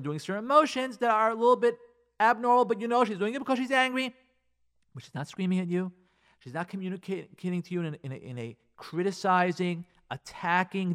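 A man giving a Torah class on radio, asking rhetorical questions and quoting Hebrew and Aramaic sources, swinging between loud emphasis and quiet asides. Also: high voice.

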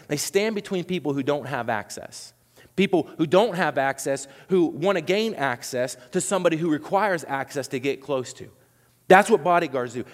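Lively high-voiced preacher in a hall. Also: male voice. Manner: animated, acts out quotes, many restarts. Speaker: pastor. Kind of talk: sermon.

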